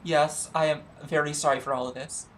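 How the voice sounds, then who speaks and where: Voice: mid-range voice, steady tone, a little fast, a bit bright, a little hiss or hum. Chatty streamer fighting tech trouble. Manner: chatty, flustered by tech trouble, many fillers. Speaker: game streamer. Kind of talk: casual game-stream commentary. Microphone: webcam's built-in mic.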